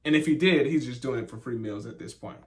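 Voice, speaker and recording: A young man chatting casually on a couple's vlog, telling a story with lively energy and acting out the voices of the people in it. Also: medium pitch, quick pace. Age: young adult. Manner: animated storyteller, acts out voices in quotes. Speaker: vlogger, husband. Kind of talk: casual sit-down chat.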